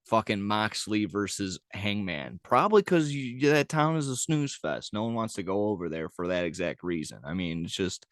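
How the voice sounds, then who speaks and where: A man's voice: lowish voice, normal speed, few pauses, no echo, studio quality. A man co-hosting a sports podcast, ranting profanely in casual chat and laughing at his own jokes. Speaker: podcast co-host.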